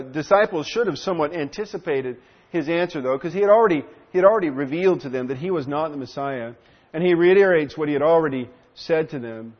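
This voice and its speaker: Man teaching Scripture, slightly high voice. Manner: earnest, explanatory, with frequent fillers and restarts. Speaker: Bible teacher. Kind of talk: expository Bible teaching. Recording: dull lo-fi recording.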